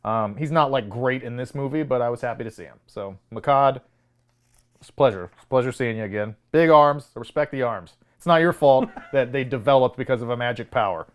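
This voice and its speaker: A man's voice: medium pitch, brisk, smooth. A man co-hosting a movie review show, mocking the film in casual debate and laughing often.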